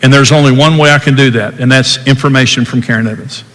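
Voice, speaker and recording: A man's voice: mid-range voice, steady tone, fast, fairly bright tone. An older man hosting a podcast, teaching about marriage in an earnest, emphatic way. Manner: earnest, emphatic, acts out quoted dialogue. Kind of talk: teaching talk. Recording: long hall reverb.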